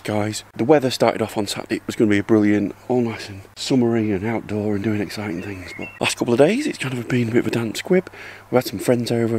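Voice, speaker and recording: A man's voice: lowish voice, a little mellow, slight background noise. A middle-aged man chatting casually to a handheld camera in his back garden, rambling as he does chores. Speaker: vlogger. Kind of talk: casual vlog chat. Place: outdoors in a back garden by a hot tub.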